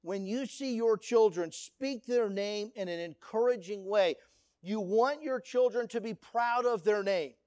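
A man's voice: high-pitched, unhurried, no room sound. A man preaching a sermon to a congregation, earnest and direct, telling stories to make his point. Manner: earnest, preachy, lively storytelling. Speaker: pastor.

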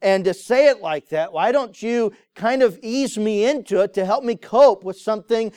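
A man doing a wife pleading with her husband, raised high voice, exasperated questions, smooth clear tone, dry close sound. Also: normal speed, mellow, no echo, natural voice.

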